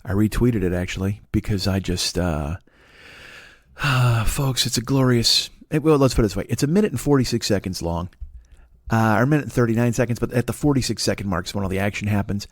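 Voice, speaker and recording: A man's voice: fairly low pitch, expressive, quick pace, no room sound, clean studio sound. A man in his forties telling a stand-up story, ranting with heavy profanity and acting out imagined confrontations. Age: 40s. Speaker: comedian.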